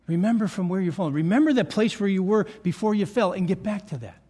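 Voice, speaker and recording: An older pastor preaches in a high, light voice. He talks earnestly and repeats key lines to drive them home, as in a sermon to his congregation. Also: lively intonation, brisk, mellow, husky. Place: church meeting room.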